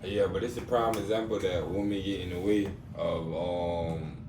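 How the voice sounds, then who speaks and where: A man's voice: low-pitched, fairly even intonation, moderate pace. A man who is a podcast guest, talking casually and chiming in with short laid-back remarks. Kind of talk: casual chat. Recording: echoey room, distant mic, background noise.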